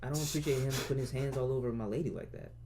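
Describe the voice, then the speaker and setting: A man's voice: mid-range voice, lively intonation, racing, vocal fry, crowd noise. A man co-hosting a casual gaming podcast. He is jokey and mock-dramatic, and he steers the talk with "here's the thing.". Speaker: podcast co-host.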